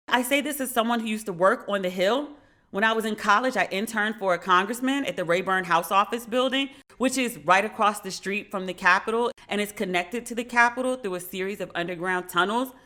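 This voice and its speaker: A woman in her forties hosting a podcast, telling a story in a casual, profane, animated way and shrieking when she reenacts moments. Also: mid-range voice. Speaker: podcast host. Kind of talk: casual monologue.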